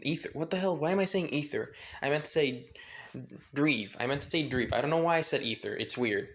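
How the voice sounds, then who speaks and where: Casting: a man with a slightly high voice, rambling through a casual story retelling. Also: fairly quick, a bit bright. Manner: rambling, with restarts and filler phrases.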